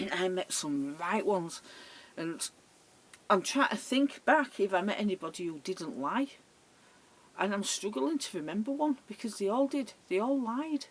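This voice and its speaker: A middle-aged woman casually telling dating stories to camera in a chatty, animated way. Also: mid-range voice, unhurried, breathy edge, poor audio. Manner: chatty, animated retelling with laughs. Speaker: vlogger. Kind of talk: casual storytelling.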